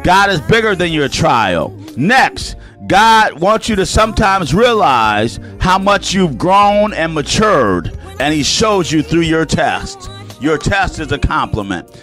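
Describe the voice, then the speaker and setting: A man with a Southern US accent, a pastor delivering a radio sermon in an animated, sing-song preaching cadence. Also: a little high, takes it slowly, faint music behind.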